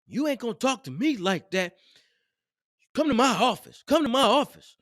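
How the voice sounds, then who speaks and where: Man doing a bossy male manager, indignant, commanding, high raised voice, dry sound. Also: lively intonation, moderate pace, a bit bright, no echo.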